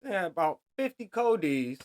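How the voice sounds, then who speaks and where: A man's voice: high-pitched, big pitch swings, moderate pace. A man hosting a solo podcast, talking bluntly in heavy street slang and lecturing his listeners. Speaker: podcast host.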